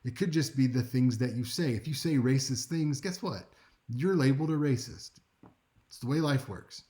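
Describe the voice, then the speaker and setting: A male speech instructor gives a recorded class lecture in a mellow, warm tone at a mid-range pitch. He keeps it conversational and wry, often checking in with his listeners. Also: normal speed. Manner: conversational and wry, with frequent "right?" check-ins.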